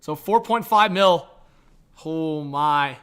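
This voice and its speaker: A man live-streaming reaction commentary who chats to viewers and his dog, and swings between mumbling and shouting. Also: on the high side, takes it slowly, smooth.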